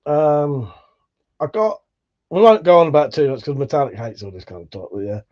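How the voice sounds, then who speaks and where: British male streamer, casual, swears a lot, slightly high voice. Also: normal speed, lo-fi sound. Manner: laid-back, swears freely, chuckles often. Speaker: livestream host. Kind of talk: casual live chat, reading out viewer comments.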